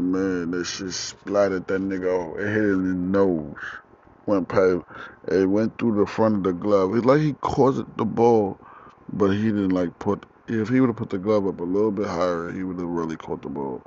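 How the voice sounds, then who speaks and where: Hosting his own podcast outside, a young man spins a story in casual street slang, swearing freely and speaking with energy as four-wheelers pass. He sits low in pitch at a moderate pace. Faint outdoor vehicle sounds come through a dull, lo-fi recording.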